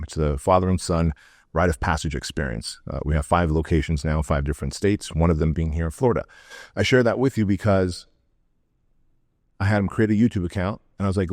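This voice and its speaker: Brief: middle-aged male guest from the former Soviet Union, deep voice, dry close sound, punchy anecdotes. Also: fairly quick, dry recording. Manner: energetic, blunt, slangy, acts out quotes. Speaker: podcast guest, entrepreneur. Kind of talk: casual podcast interview storytelling.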